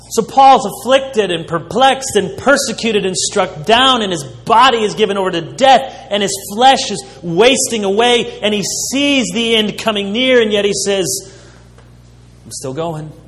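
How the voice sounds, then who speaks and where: Slow, emphatic preaching man in a reverberant hall. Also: high-pitched, a bit bright. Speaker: pastor. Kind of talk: sermon.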